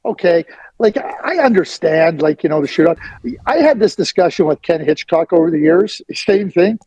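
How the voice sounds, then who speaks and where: Middle-aged guy ranting on sports radio, mellow husky tone, dry close sound. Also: a little high, animated, moderate pace, no echo, dull audio. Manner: emphatic, blunt, opinionated. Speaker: hockey analyst guest.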